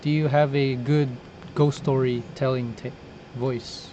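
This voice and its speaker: Another co-host on the same kind of video-call podcast speaks a little slowly in a medium-pitched, warm voice with a flat delivery. The chat is loose and casual with occasional swearing, and the lo-fi audio carries clear background noise.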